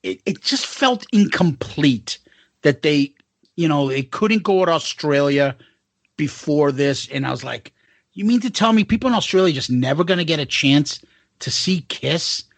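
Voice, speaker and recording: Male podcast co-host, raunchy jokey banter, bright lively voice. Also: fairly high pitch, normal speed, no room sound. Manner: profane, jokey, animated. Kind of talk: crude casual podcast banter.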